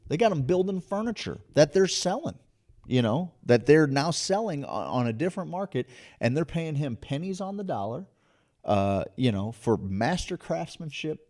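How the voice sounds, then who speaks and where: A man's voice: fairly high pitch, very animated, normal speed, a little mellow. A man co-hosting a casual podcast, ranting passionately and emphatically, restarting his sentences as he pushes his points. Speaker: podcast co-host.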